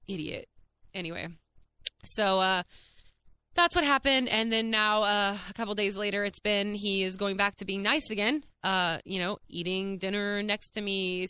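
A woman's voice: mid-range voice, pushed and bright, clear, resonant tone, no room sound. A young woman, candidly telling her own story on her podcast in a chatty, swearing, filler-heavy way. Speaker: podcast host. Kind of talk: casual monologue.

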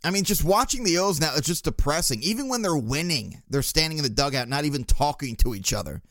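A man's voice: on the high side, animated, quick pace, a bit bright, dry recording. A man hosting a sports podcast, talking casually and sarcastically and mimicking the people he complains about. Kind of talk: casual sports talk monologue.

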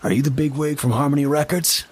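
A man voicing a smug, prying, high-ranking older official. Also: fairly even intonation, fast talker, darkish tone, husky.

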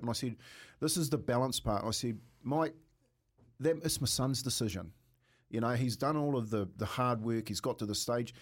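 A man's voice: medium pitch, moderate pace. A middle-aged man with a New Zealand accent, co-hosting a morning radio show and telling stories in casual chat, often repeating words as he goes. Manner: storytelling, repeats words when excited. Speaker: radio co-host.

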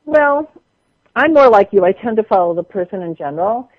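A woman's voice: medium pitch, lively intonation, a little fast, no room sound, muffled recording. A woman with a Wisconsin accent, a social media tutor talking casually as a radio guest, folksy and chatty. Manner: chatty, folksy, laughs often.

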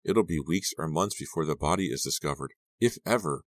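A steady teenage girl, as a deep-voiced male narrator puts her on, coaxing and insistent as she calms her friend. Her voice is patient and firm, set in a dry, close reading. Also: a little fast, dry recording. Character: steady teenage girl, guilt-ridden but reassuring.

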